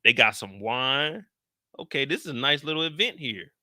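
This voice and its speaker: Sharp-voiced man joking through a TV recap. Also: mid-range voice, big pitch swings, normal speed, dry recording, clean studio sound. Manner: profane, joking, addresses viewers directly. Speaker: TV show recap host. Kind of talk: casual episode recap commentary.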